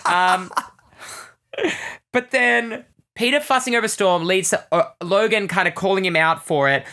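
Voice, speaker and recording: A woman's voice: mid-range voice, a little slow, fairly bright tone. A woman co-hosting a casual comic-book podcast, recapping with enthusiastic, rambling chatter and plenty of "like"s. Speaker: podcast co-host.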